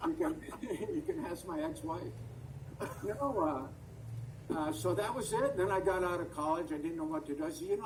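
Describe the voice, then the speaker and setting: An older man who acts on stage and screen tells meandering anecdotes in an interview, chatty and frequently searching for the right word. Heard through a video call with a distant mic, his high-ish, slightly mellow voice comes with some hiss or hum and poor audio.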